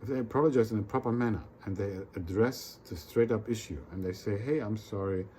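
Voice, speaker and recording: Rambling man with a mellow low voice. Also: fast talker, a little hiss or hum. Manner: repeats words and restarts often; acts out little quoted exchanges. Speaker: vlogger. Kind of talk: rambling casual monologue.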